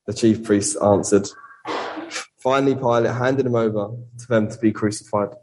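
A man preaching a sermon and reading a Bible passage, earnest, with rhetorical questions and slowing down for emphasis. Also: lowish voice, fairly even intonation, darkish tone, a little hiss or hum, low-quality recording.

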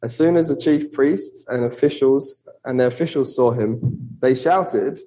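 A man preaching a sermon and reading a Bible passage, earnest, with rhetorical questions and slowing down for emphasis. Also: mid-range voice, dark tone, poor audio.

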